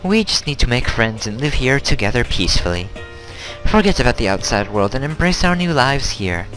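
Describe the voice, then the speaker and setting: A man reading the lines of a calm, aloof teenage girl in a measured, formal way. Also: mid-range voice, soft background music, low-quality recording. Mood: composed.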